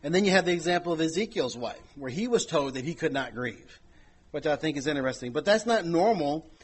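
Husky preacher, conversational sermon. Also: male voice, on the high side, lively intonation, a little fast. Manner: conversational preaching with many "you know" asides, swelling and dropping in volume.

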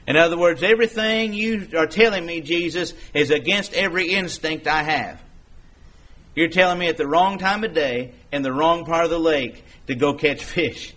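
A man's voice: on the high side, normal speed, pauses often, a bit bright. A man preaching a sermon in a folksy, conversational way, acting out the dialogue he quotes.

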